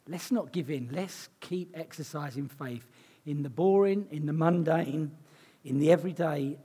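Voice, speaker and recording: A man preaching a sermon in an earnest, conversational way, his voice hoarse and croaky. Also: a little high, darkish tone. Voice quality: husky, croaky.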